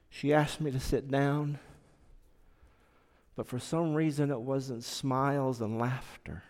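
Man sharing a testimony, high voice, long hall reverb, slow earnest delivery that swings between hushed and loud. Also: vocal fry. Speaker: speaker giving a testimony. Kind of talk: personal testimony talk.

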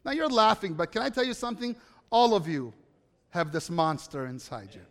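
Guy with a pretty high voice spinning a story for a crowd, chatty, asks them stuff, big echoey hall. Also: very animated, a little fast, fairly bright tone. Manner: conversational, asks the audience questions. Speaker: speaker addressing an audience. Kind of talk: personal storytelling talk. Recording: reverberant hall.

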